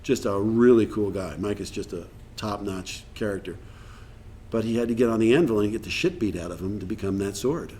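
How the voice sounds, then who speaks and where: A man's voice: lowish voice, a little fast, darkish tone, a little hiss or hum. A man leading a recovery workshop in a meeting room, talking earnestly and acting out bits of dialogue. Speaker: workshop speaker.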